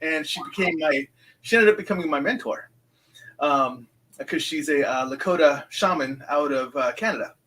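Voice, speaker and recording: Male guest, 50s, somewhat high voice, loose rambling storyteller with lots of ums who re-enacts dialogue. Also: normal speed, sharp tone, rough recording. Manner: rambling, re-enacts dialogue, many fillers and restarts. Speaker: guest, psychic medium. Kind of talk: casual interview storytelling.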